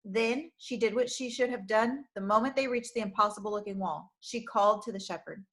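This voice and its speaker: A woman reading a storybook aloud for young children, narrating clearly and expressively. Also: medium pitch, a little fast, hardly any pauses, fairly bright tone.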